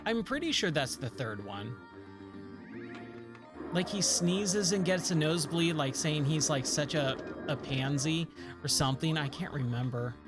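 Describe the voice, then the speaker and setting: Chatty man gaming over loud music. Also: a little high, animated, measured pace. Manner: rambling, chatty, easily sidetracked. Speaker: streamer playing arcade games. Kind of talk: casual chat while gaming. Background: game music.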